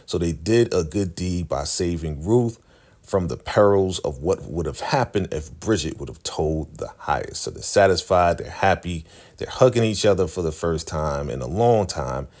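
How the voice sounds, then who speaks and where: A man with a very low, husky voice talks through a TV episode recap. He keeps it chatty and loose, speaking to his viewers like friends. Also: a little mellow. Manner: chatty, conversational, drawling. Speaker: TV recap vlogger.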